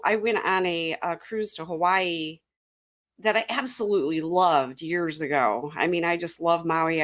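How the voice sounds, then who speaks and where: A woman's voice: fairly low pitch, a bit bright. Rambling, laughing woman panelist. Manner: rambling, hesitant, laughs often. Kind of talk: casual panel chat.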